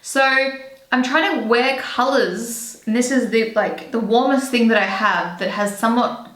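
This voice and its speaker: A woman's voice: fairly high pitch, measured pace, fairly bright tone. A young woman chatting casually while doing her makeup, rambling and correcting herself as she goes. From Australia. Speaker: beauty vlogger. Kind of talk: casual get-ready-with-me chat. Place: home room indoors. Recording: roomy echo.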